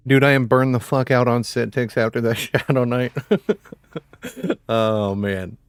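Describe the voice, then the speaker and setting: A man's voice: medium pitch, steady tone, slow, clean tone, no room sound. Male streamer, rambling and profane, laughs a lot; dry, close mic. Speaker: livestream gamer. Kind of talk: casual live-stream chat.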